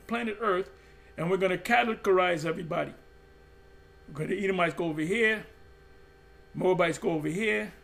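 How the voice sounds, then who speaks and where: A man's voice: high-pitched, vocal fry, fairly bright tone. A man preaching in an impassioned monologue, emphatic and repetitive, often stumbling and restarting mid-phrase. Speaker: religious group teacher.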